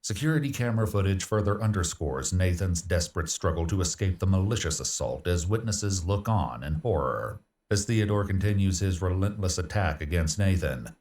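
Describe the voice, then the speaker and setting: A man reads scripted true-crime narration, grave and measured. His voice is very low, and he sounds slightly distant from the mic. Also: darkish tone. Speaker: documentary narrator.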